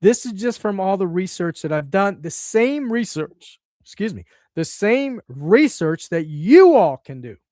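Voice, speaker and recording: A man's voice: high voice, sing-song, unhurried, hardly any pauses, mellow, no room sound, clean studio sound. A man hosting a casual health commentary, talking bluntly and emphatically and checking in with "okay?" as he repeats his points. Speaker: show host.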